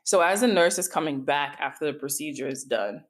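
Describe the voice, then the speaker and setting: A woman's voice: low-pitched, lively intonation, fairly quick. A middle-aged woman hosting a podcast, telling a personal story in a candid, informal way that wanders into tangents. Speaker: podcast host.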